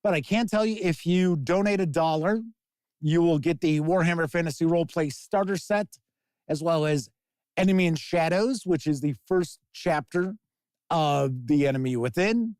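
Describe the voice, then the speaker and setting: A man's voice: on the high side, moderate pace, a little mellow, clear, resonant tone, no room sound. Chatty man hosting a gaming news stream. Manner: chatty, reads news then riffs on it, answers chat comments. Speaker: host of a tabletop gaming news show. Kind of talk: casual live-stream news commentary.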